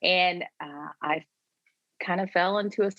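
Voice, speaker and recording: Woman in her forties from Florida, low-pitched, candid interview guest; dry, lo-fi recording. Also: a little slow, no echo. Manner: candid, conversational, quotes herself in lively voices. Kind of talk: casual interview storytelling. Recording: dull lo-fi sound, dry.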